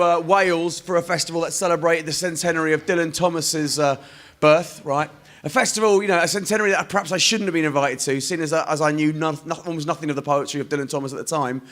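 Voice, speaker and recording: A man's voice: on the high side, fairly bright tone. A performance poet from Essex, a man reciting in a rhythmic, chanting way, then chatting in wry, rambling asides between poems. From Essex, England. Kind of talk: poetry reading and stage banter. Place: festival stage.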